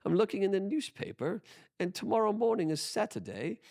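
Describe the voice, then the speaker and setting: A man's voice: high-pitched, sing-song, a little fast, creaky, darkish tone, voice pushed up, heavily acted. A man imitating a polite but sarcastic older father with an English accent. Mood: mock polite. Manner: mock-courteous, needling.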